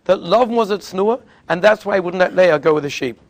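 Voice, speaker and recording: A man giving a Torah class as a rabbi, telling stories and acting out the people he quotes, often repeating and restarting phrases. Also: brisk. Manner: storytelling, acting out quoted speakers with sudden pitch jumps.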